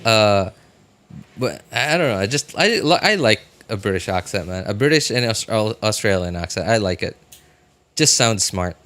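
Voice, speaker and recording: A man's voice: fairly low pitch, expressive, normal speed, a bit bright. A man streaming a live reaction, chatting casually and rambling with many fillers and restarts.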